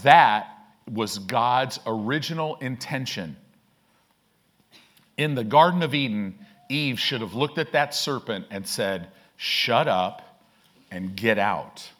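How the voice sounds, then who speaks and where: A man's voice: medium pitch, lively intonation, slow pace, fairly bright tone. A male pastor preaching a sermon, emphatic, often checking in with the congregation for agreement.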